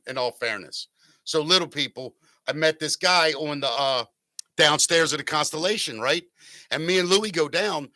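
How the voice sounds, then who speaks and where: A man's voice: on the high side, bright, forceful tone, no echo. A man hosting a casual talk show, telling a rambling, jokey story and correcting himself as he goes. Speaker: podcast host.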